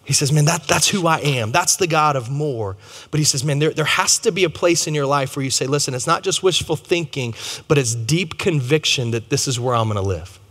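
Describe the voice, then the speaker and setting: Male pastor in his thirties, casual storytelling sermon, slightly high voice, echoing chapel. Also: fairly quick, fairly bright tone, husky. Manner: conversational and humorous, addresses audience directly. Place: large chapel. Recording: long hall reverb.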